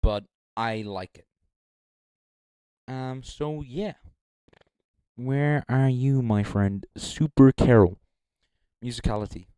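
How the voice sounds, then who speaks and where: A young livestream judge rambles casually into a handheld mic, joking between thoughts and using many fillers. His mid-range voice is warm and smooth, slow and often pausing, with no room sound.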